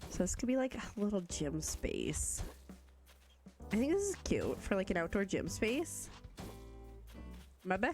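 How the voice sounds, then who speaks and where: A woman's voice: mid-range voice, huge pitch swings, measured pace, long pauses, darkish tone, soft background music. Chatty Canadian woman streaming a game. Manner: chatty, rambling, reads chat aloud, laughs often. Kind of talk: casual chat while playing a game.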